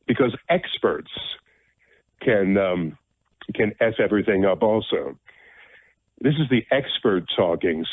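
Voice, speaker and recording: Blunt New radio talk host. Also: male voice, on the low side, dry recording. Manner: blunt, rambling, emphatic repetition. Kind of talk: opinionated radio monologue. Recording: narrow phone-like radio sound, dry.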